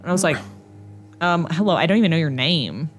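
A young woman co-hosting a podcast, telling a story in a chatty, animated way with lots of fillers. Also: low voice, brisk, faint music behind. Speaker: podcast co-host. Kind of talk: casual chat, storytelling.

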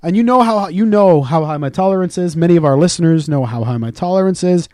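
A man co-hosting a casual podcast, telling stories with lots of swearing and loud acted-out quotes. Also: a little high, quick pace, no room sound, clean studio sound. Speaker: podcast co-host. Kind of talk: casual profane chat.

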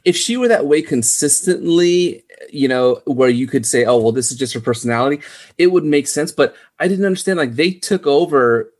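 A man's voice: on the high side, normal speed. A man co-hosting a casual movie review podcast, animatedly quoting lines from a film. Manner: animated, quotes dialogue in retelling. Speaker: podcast co-host.

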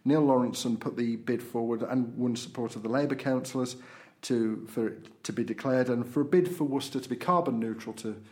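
A man's voice: mid-range voice, fairly quick, a little mellow. A man hosting a podcast, chatting casually through local and political news with frequent fillers. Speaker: podcast host.

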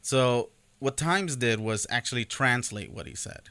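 A man's voice: medium pitch, animated, unhurried, bright, forceful tone. A man co-hosting a podcast in casual chat, playful and laughing, often stumbling and repeating words. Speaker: podcast co-host.

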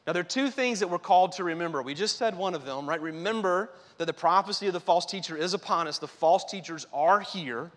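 A man's voice: sits high, fairly quick, hardly any pauses, a bit bright. Emphatic preaching man in a reverberant hall. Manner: conversational preaching, emphatic repetition. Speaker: pastor. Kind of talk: sermon.

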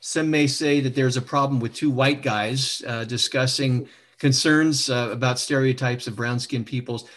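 A middle-aged man hosts an online talk over a video call. He speaks haltingly, filling pauses with many uhs, in a dry, close sound. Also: medium pitch, fairly even intonation, fairly bright tone, dry recording. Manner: hesitant, many fillers. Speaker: host. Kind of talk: online discussion show.

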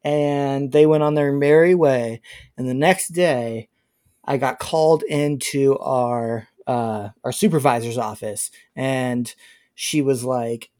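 A man with an average-pitched voice tells a work story in casual chat. He keeps it even and matter-of-fact. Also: unhurried.

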